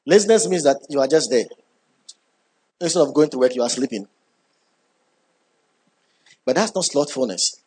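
A man preaching a sermon, emphatic, repeating key words and building up when excited. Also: medium pitch, normal speed, pauses often, breathy edge.

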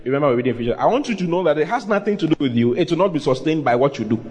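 Animated preacher, fairly high voice. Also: male voice, very fast, muffled recording. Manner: animated and humorous, with teasing asides and repeated phrases. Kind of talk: sermon with call and response. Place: church with a live congregation.

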